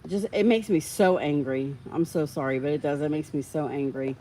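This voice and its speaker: A woman's voice: deep voice, fairly quick, mellow, rough recording. A woman hosting a casual live stream, chatting with viewers, reading out their comments and getting heated about how dogs are treated. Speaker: livestream host.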